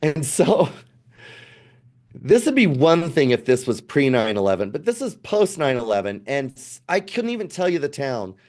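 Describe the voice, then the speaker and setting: A man in his fifties, a podcast guest telling a family travel story in a casual, animated way, acting out what people said. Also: medium pitch, moderate pace. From United States. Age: 50s.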